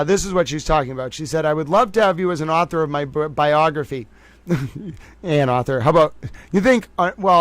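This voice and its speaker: A man's voice: on the high side, smooth, no room sound. A man hosting a casual livestream and commenting on a court case, rambling and joking about himself. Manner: rambling, chatty, self-joking. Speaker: livestream host covering a trial.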